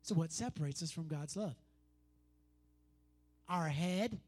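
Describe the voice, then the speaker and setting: A man's voice: a little high, slow, a little mellow. A man preaching a sermon, pressing his points through repetition and conversational asides.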